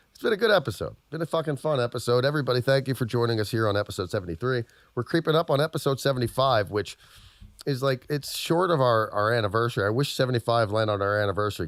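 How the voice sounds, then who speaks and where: This podcast co-host talks quickly in a medium-pitched voice, and the recording is dry. In casual conversation he spins meandering stories peppered with swearing.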